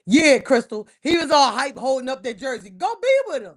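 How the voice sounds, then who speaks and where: Heated high-voiced woman ranting. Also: animated, fairly quick. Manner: heated, emphatic and repetitive, loud outbursts. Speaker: livestream host. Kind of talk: casual sports rant on a livestream.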